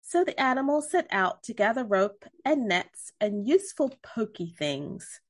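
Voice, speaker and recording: A woman reading a picture book aloud to children, gentle and expressive. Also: a little high, a little slow. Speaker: storyteller.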